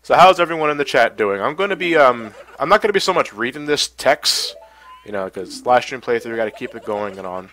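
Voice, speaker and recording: Stream host, male, congested from a cold, lively bright delivery, chatty, faint music behind. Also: medium pitch, a little fast, rough recording. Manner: chatty, laughs often, reads chat aloud. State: stuffy from a cold. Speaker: livestream host. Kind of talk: casual gameplay commentary.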